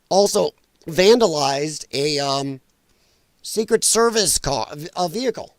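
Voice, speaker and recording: Taking it slowly, a man with an animated voice on the high side hosts a casual political commentary stream. He sounds blunt and exasperated, his irritated throat keeps triggering coughs, and he apologizes a lot.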